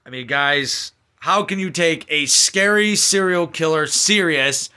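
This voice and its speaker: A man ranting through a movie review, heated and profane, with a slightly high, forceful, tense voice. He swings between loud outbursts and muttered asides. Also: measured pace, clear, resonant tone. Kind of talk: angry film review rant.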